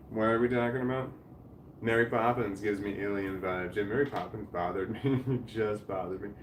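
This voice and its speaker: A middle-aged man chatting casually as he reads live chat comments, rambling, often restarting his sentences and swearing freely. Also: lowish voice. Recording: echoey room with faint background noise.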